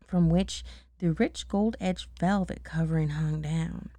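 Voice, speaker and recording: A woman's voice: fairly low pitch, steady tone, measured pace, warm tone, no room sound, studio quality. A woman casually reading a storybook aloud, stopping to check words and laugh at her own slips. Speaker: bedtime story reader.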